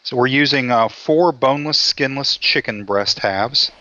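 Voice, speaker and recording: A man's voice: mid-range voice, measured pace, bright, forceful tone. A man hosting a cooking show, joking in a folksy way and talking through each step. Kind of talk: casual cooking show chat. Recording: dull lo-fi dry sound.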